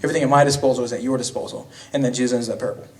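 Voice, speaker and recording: A man's voice: mid-range voice, steady tone, rapid-fire, darkish tone. A young man preaching a sermon in a casual, slangy way, retelling a story with frequent restarts in a church. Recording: voice from a distance.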